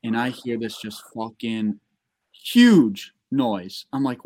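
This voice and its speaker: A young man telling a long, profane, excitable story in a casual podcast chat. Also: mid-range voice, takes it slowly. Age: young adult.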